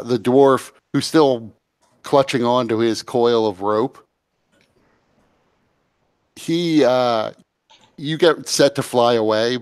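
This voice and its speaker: Slow, smooth-voiced male game master. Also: mid-range voice, dry recording. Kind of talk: narrating a tabletop game.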